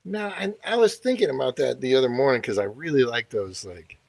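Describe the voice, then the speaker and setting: A man's voice: medium pitch, lively intonation, fairly quick, gravelly, no echo. A man co-hosting a casual podcast, easygoing and mostly answering with short agreeing replies. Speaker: podcast co-host. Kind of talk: casual chat.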